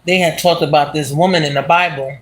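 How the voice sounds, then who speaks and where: A vlogger casually retelling a movie plot while walking outdoors, talking in an animated, slangy way and laughing as they go. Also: medium pitch, brisk. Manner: animated, slangy, laughs as it talks, asks "you understand?". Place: outdoors on city streets.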